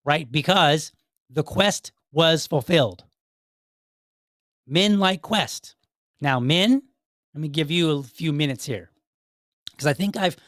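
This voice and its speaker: A man's voice: on the high side, a bit bright, no echo, clean studio sound. A middle-aged man hosting his own podcast, rambling in a chatty way with many restarts. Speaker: podcast host. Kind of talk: casual solo podcast commentary.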